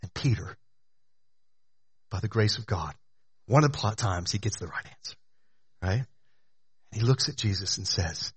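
A man preaching a sermon in a conversational way, talking to the congregation as "y'all", rising to loud emphatic lines and dropping to hushed ones. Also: very animated, normal speed, pauses often, breathy edge. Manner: swings between loud emphatic rises and hushed low drops. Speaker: pastor.

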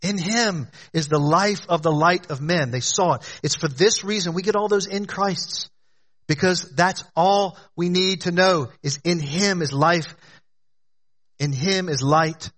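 A pastor preaches to his congregation, chatty and direct, calling them "y'all". His voice is a little high, bright and slightly husky. He builds to loud, emphatic lines, then drops to hushed, low ones. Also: a little slow. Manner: conversational preaching, addresses congregation as "y'all" and "guys". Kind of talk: sermon.

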